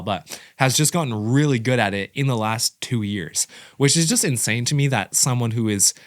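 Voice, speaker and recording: A man giving casual, excitable commentary as the host of a fight reaction channel, rambling and correcting himself as he goes. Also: medium pitch, no room sound, clean studio sound.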